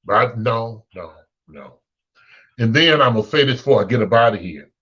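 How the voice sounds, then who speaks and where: A blunt, sassy male talk host from Chicago rants straight to his listeners, his voice leaping high whenever he is fed up. His tone is bright and forceful throughout. The recording is dull and lo-fi. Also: expressive, normal speed, husky. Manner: blunt, sassy, swings pitch up when exasperated. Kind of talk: unscripted monologue rant.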